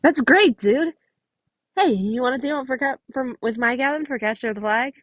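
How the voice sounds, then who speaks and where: A woman's voice: fairly high pitch, fast talker, no room sound, dull audio, voice pushed up, close to an everyday voice. A woman reading aloud and voicing an eager, friendly teenage camper girl. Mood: cheerful.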